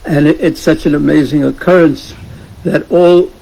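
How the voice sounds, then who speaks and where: Gravelly, husky man teaching a scripture class. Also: fairly high pitch, steady tone, moderate pace, rough recording. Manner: gentle, asks the class questions, chuckles. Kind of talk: casual storytelling lesson.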